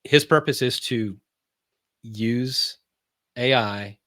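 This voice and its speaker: A man speaking as a podcast guest about his marketing business, talking casually, often pausing on fillers and restarting sentences. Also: medium pitch, a bit bright, no room sound, clean studio sound. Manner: halting, many fillers and restarts; explains in plain, loose terms.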